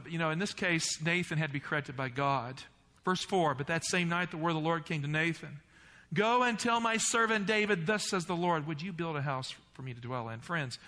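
Bright high-voiced preaching pastor, man. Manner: earnest preaching with scripture readings. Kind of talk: sermon. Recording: hall reverb.

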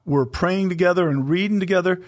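A man with a somewhat high voice, sharing a personal testimony on a Christian talk show. He is earnest and emotional, and he slows down and drops his volume to stress the points that matter to him.

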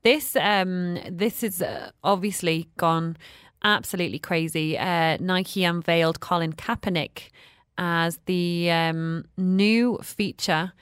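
A woman's voice: lowish voice, fairly even intonation, slow, hardly any pauses, fairly bright tone, clean tone, dry recording, studio quality. A woman co-presenting a radio show, chatting in a self-deprecating, hesitant way. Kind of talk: casual radio chat.

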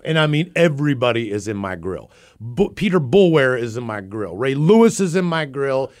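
A man's voice: mid-range voice, moderate pace. A middle-aged man, a podcast co-host, telling a story in casual chat, laughing and swearing as he goes. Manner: animated, laughing, profane storyteller.

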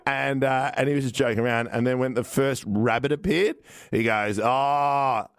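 A man's voice: mid-range voice, moderate pace, dry recording, studio quality. Rambling Australian man, casual chat. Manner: rambling storyteller, many fillers. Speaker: podcast host.

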